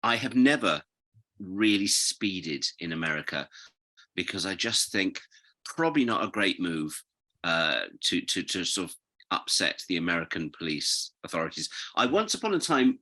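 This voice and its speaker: Brief: middle-aged British guest, bright lower voice, rambling anecdotal storyteller. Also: male voice, normal speed. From Britain. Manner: rambling, animated storyteller, goes off on tangents. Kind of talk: casual interview chat.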